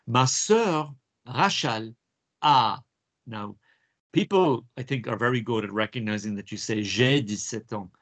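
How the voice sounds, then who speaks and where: Lively Irish man teaching French. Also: mid-range voice. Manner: lively, repeats phrases slowly for pronunciation. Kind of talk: exam prep lesson.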